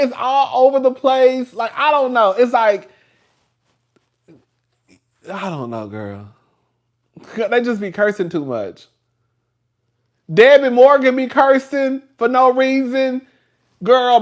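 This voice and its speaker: A man chats casually on a live stream, full of sass and quick laughs. His voice swoops up and down with lots of expression, and he rambles from one point to the next. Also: extremely high pitch. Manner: rambling, chatty and sassy, laughs often. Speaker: show host reviewing TV.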